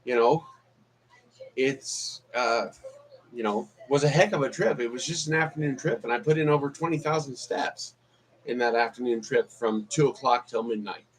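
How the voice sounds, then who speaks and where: A man's voice: medium pitch, moderate pace, poor audio. A man chatting casually on a live stream as a vlogger, rambling with many fillers and restarts. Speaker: YouTube vlogger.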